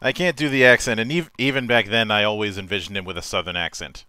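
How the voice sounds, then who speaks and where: Bright, crisp-voiced male podcast host. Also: fairly low pitch, quick pace, no echo. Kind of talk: casual chat.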